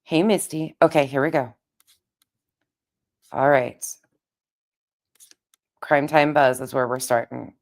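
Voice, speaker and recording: Raspy, very low-voiced woman streamer. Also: slow, long pauses. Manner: chatty, greets viewers by name. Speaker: live streamer. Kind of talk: casual live-stream chat.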